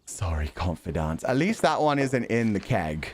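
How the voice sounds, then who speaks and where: A man's voice: fairly low pitch, very animated, moderate pace, few pauses, darkish tone. A man casually commentating while he streams a fantasy tavern game, swearing freely and laughing often.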